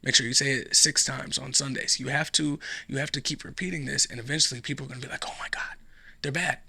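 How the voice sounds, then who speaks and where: Young guy ranting on his podcast, sarcastic, kinda gravelly, likes to whisper stuff for effect. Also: mid-range voice, steady tone, fast, sharp tone. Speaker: podcast host. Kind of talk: casual solo commentary.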